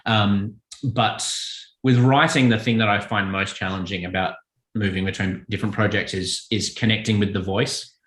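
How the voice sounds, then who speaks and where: A man speaks in a fairly low voice with a forceful, bright edge, recorded with plenty of room echo. He talks through his answers thoughtfully, often restarting and rephrasing as he goes, in a relaxed interview manner. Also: normal speed. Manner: thoughtful, self-correcting, relaxed. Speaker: children's author and illustrator. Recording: echoey room.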